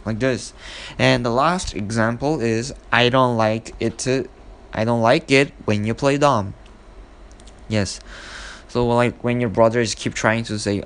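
A man hosting a casual English lesson, explaining an expression in halting, non-fluent English with many fillers and acted-out example lines. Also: medium pitch. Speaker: host of an English expression podcast.

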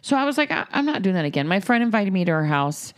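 A woman chatting casually, self-deprecating and quick to laugh. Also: mid-range voice, very animated. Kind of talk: casual chat.

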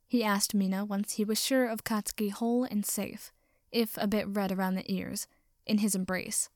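A woman reading a story aloud with expressive narration. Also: mid-range voice, moderate pace, no echo, clean studio sound. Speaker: audiobook reader. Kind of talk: reading fan fiction aloud.

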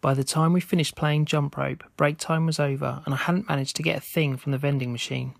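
A man reading a scripted spooky story aloud in a steady, measured way. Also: fairly high pitch, vocal fry, no echo, clean studio sound. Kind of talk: scripted narration.

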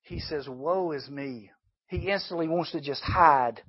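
Man, high voice, lively youth sermon with rhetorical questions, dull lo-fi sound. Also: measured pace, husky. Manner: animated preaching, rhetorical questions, dips to quiet asides. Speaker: youth speaker. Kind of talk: sermon to junior high students.

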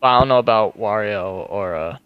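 A man co-hosting a podcast in casual chat, eager and excitable. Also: fairly low pitch, fairly quick, smooth, no room sound, muffled recording.

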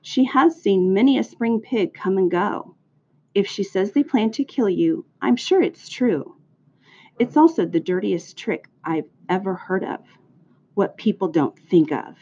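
A woman reading a storybook aloud, voicing a calm, wise female spider who speaks briskly and firmly. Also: medium pitch, slight background noise. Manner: brisk, firm and measured. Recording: dull lo-fi recording.

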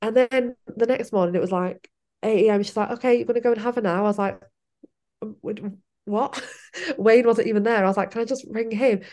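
A woman's voice: fairly high pitch, fast talker, a little mellow. A young woman, telling her own story in a casual interview, laughing often and acting out what she said back then. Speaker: podcast guest.

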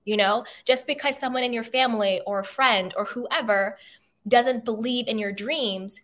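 A woman's voice: a little high, moderate pace, a bit bright. Emphatic motivational woman podcaster. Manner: emphatic, repeats key phrases, acts out quotes in the story. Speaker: podcast host. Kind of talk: motivational self-help podcast talk.

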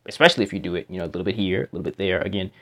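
A man teaching how to make a speech sound, explaining slowly and repeating practice words and sounds in a demonstrative way. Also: sits low, a bit bright. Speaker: pronunciation teacher. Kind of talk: instructional explanation. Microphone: home microphone.

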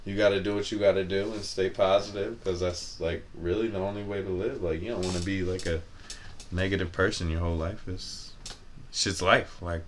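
Deep-voiced laid-back young man. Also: fairly even intonation, brisk, slight background noise. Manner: laid-back, blunt, swears. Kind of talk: casual chat.

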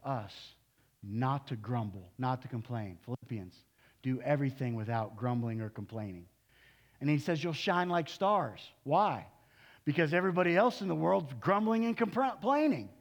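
A male pastor in his sixties preaching a sermon in a conversational way, with sudden loud, animated bursts. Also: mid-range voice, normal speed.

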